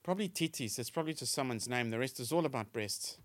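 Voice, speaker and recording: A man's voice: medium pitch, fast, dry recording. A man co-hosting a comedy trivia podcast, telling jokes with lots of giggling in casual chat. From South Africa. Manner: giggly, animated joke-telling. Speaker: podcast co-host.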